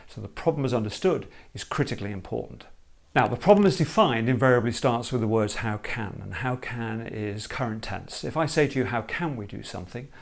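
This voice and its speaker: Gravelly emphatic male workshop speaker. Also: medium pitch. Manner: emphatic, animated, acts out hesitant problem owners. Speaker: creative problem solving consultant. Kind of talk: explanatory talk.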